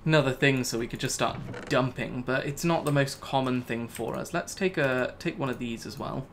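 A man's voice: medium pitch, moderate pace, a bit bright, slight background noise. Self-mocking man narrating his gameplay. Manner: self-talking, exasperated, laughs at himself. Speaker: gaming YouTuber. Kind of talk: casual Let's Play commentary.

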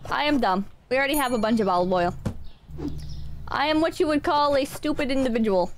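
A woman's voice: high voice, expressive, fairly quick, a little hiss or hum. A woman streaming a game, chatting casually with her viewers in a chaotic, swearing, self-mocking way. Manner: chaotic, swearing, self-mocking, talking to chat while playing. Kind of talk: casual gaming stream chat.

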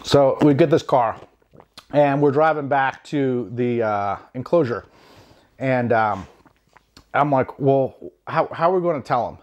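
A man's voice: mid-range voice, a little slow, muffled recording. A man from the United States telling a rambling personal travel story in a wry, self-deprecating way, with lots of fillers and asides. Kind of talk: casual storytelling. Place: home.

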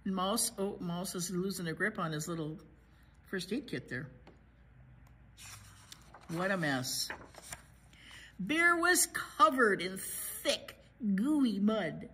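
Woman, children's librarian, reading aloud, lively pitch, unhurried. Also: a little hiss or hum. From United States. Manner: animated, chatting to children about the pictures. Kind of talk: children's story read-aloud.

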